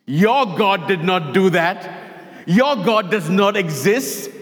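A man's voice: high-pitched, expressive, slow, in a large hall. A man voicing a neighbor who mocks an old woman's faith. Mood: mocking. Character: mocking unbelieving male neighbor.

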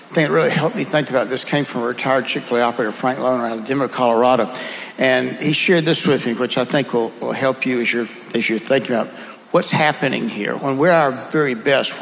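A man's voice: mid-range voice, steady tone, brisk, creaky, a bit bright, in a large hall, a little hiss or hum, poor audio. A man with a Southern accent, telling earnest, folksy stories as a guest in a conversation. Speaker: guest speaker. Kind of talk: conversational storytelling.

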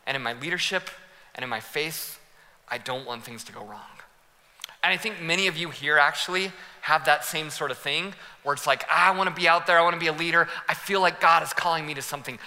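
A young man preaching a sermon as pastor, telling stories in a lively way, laughing and acting out the scenes. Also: a little high, brisk. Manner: animated, laughing storyteller who acts out scenes. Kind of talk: sermon with personal storytelling. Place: church hall. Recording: long hall reverb.

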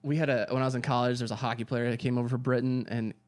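A man's voice: mid-range voice, level tone, rapid-fire. Guy on a podcast, teasing, says dude constantly, casual. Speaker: podcast guest. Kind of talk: casual chat.

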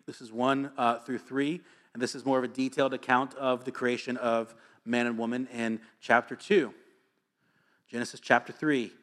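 A man in his thirties gives a lively sermon, his voice bright and pushing forward. He mixes scripture reading with teasing stories and asides. His pitch sits in a middling range for a man. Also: moderate pace. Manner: energetic, joking, reads scripture aloud. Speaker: pastor.

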